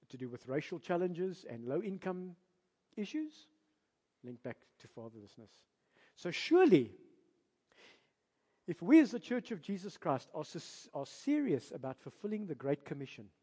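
A man with a South African accent preaching a sermon as a pastor, emphatic and animated, firing rhetorical questions at his congregation. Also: fairly high pitch. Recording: long reverb of a large hall.

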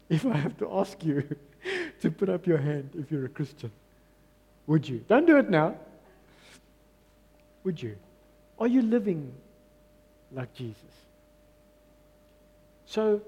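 Male pastor, high husky voice, emphatic and repetitive sermon delivery, reverberant church. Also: big pitch swings, slow, pauses often, a little mellow. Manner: emphatic, repeats phrases, mixes in Afrikaans.

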